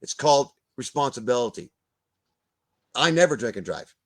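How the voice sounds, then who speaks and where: A man's voice: mid-range voice, animated, normal speed. Ranting older man. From Canada. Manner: ranting, blunt, swears, repeats words. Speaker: guest. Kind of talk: heated video-call discussion.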